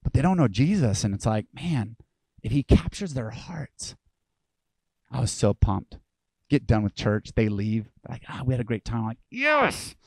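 A male pastor delivering a lively, conversational sermon, acting out the voices of people he quotes. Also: mid-range voice, moderate pace, vocal fry, slightly rough, no room sound.

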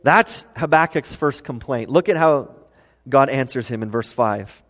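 A man teaching a sermon, explaining a Bible passage in an earnest, animated way. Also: mid-range voice, unhurried, in a large hall. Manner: earnest, animated when voicing complaints. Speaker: preacher.

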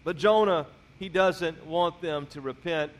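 A man's voice: fairly high pitch, unhurried. A man preaching a sermon as pastor, retelling a scripture story in casual, storytelling paraphrase.

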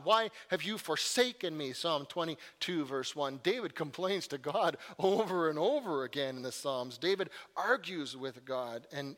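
An earnest man preaches a sermon and tells stories with animation, often repeating a word as he goes. His voice sits fairly high for a man. It rings with a long hall reverb. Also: a bit bright.

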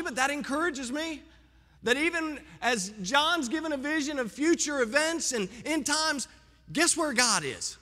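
A pastor preaches from the pulpit, his high, bright voice rising and falling with emphatic force. The sound rings out with the long reverb of a church sanctuary. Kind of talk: sermon.

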